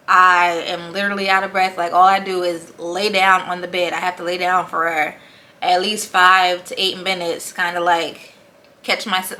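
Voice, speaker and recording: A woman's voice: fairly low pitch, sharp tone. A young woman chatting casually in a vlog, short of breath and laughing often between thoughts. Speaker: vlogger. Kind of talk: casual pregnancy update vlog.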